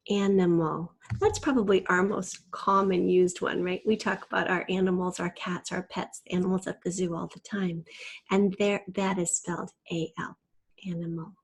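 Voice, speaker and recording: A woman's voice: medium pitch, slightly rough. A woman teacher giving a patient, step-by-step spelling lesson and spelling out letters from a shared document.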